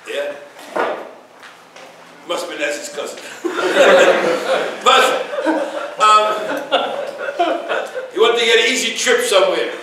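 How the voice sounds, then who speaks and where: A man's voice: high-pitched, noisy background. A man giving an informal Torah class, telling stories with humor and acting out dialogue, mixing in Yiddish and Hebrew words. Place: room with listeners. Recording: very echoey room, voice from far off.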